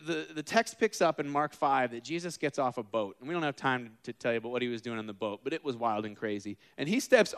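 A man in his thirties or forties preaching a casual, animated sermon, acting out the figures in his stories with asides to the room. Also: on the high side, smooth. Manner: animated, acts out quoted figures, self-deprecating asides.

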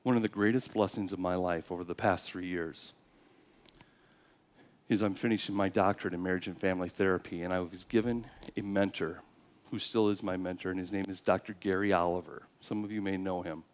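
Low-voiced man preaching a sermon. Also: fairly even intonation. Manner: earnest, swings between loud emphasis and quiet, slowed phrases. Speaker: pastor.

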